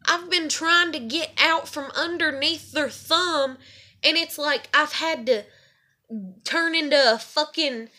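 A young woman who vlogs airs bitter, frustrated grievances about her family, rambling, repeating herself, and cursing a lot. Her high-pitched voice is slow, bright, and forceful.

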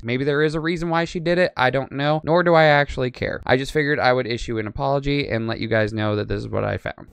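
A man's voice: medium pitch, gravelly, a bit bright, clear, resonant tone, dry recording. A man hosting a reaction video, commenting on clips in an irritated, ranting way.

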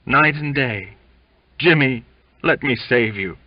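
A man voicing an old ship's cook who preaches with fanatical fervour, ranting and shouting. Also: mid-range voice, sing-song, a little slow, slightly rough, no echo, voice pushed up. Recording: dull lo-fi sound.

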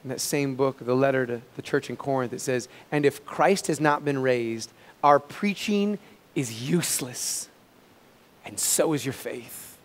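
A man preaching a sermon as pastor, swinging from loud emphatic peaks down to quiet low asides. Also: unhurried, in a large hall. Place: church sanctuary.

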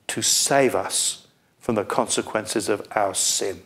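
A man's voice: lowish voice, slow pace, fairly bright tone. A man preaching a sermon, explaining a scripture text in an earnest manner and putting questions to his listeners.

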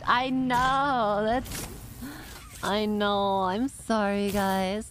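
A woman streamer giving live gameplay commentary, excitable, swearing freely and laughing often. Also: mid-range voice, slow pace, soft background music.

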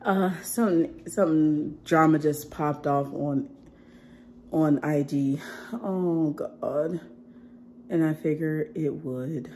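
Sick, chatty woman vlogger with a low voice. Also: takes it slowly, warm tone, a little hiss or hum. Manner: chatty, laughs often, talks straight to viewers. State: sick, losing her voice. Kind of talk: casual chat to camera. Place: at home indoors.

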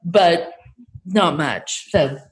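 A woman's voice: on the low side, drawn-out words. A woman podcast co-host, chatting and telling stories in a talkative, laughing way. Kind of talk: casual podcast chat. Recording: roomy echo.

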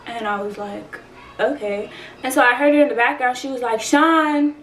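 A woman's voice: on the high side, a little fast, fairly bright tone, slight background noise. Twenty-something girl doing an emotional storytime vlog, slangy and swearing, kinda far from the mic in an echoey room. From San Antonio, Texas. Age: 20s. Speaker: vlogger.

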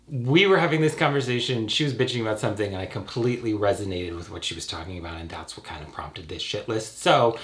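A young man with a cold, talking straight to camera in a sarcastic, profane, animated rant. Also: fairly low pitch. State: has a cold. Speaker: YouTuber. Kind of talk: ranting casual vlog.

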